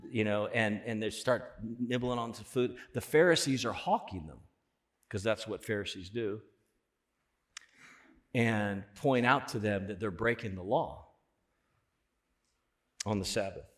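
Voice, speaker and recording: A man preaching a sermon as pastor, conversational, swelling loud on key points. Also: on the low side, unhurried, long pauses.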